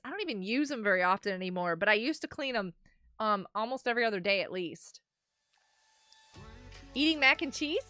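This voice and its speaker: A woman's voice: high voice, sharp tone. A woman streaming a game, chatting and rambling casually into her microphone, laughing often and breaking into sudden squeals. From United States. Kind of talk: casual live-stream chat while gaming.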